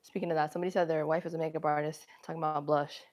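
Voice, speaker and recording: Talking rapid-fire in a low, darkish voice with little pitch movement, a woman live-streams her exercise session and chats casually with viewers between sets. She laughs often, is short of breath, and has a runny nose.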